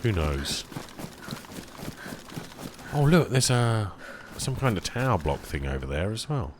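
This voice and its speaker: A man chatting casually while streaming a survival game, tired and rambling, easily excited by small finds. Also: fairly low pitch, measured pace, noisy background. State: tired, yawning. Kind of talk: casual live-stream commentary.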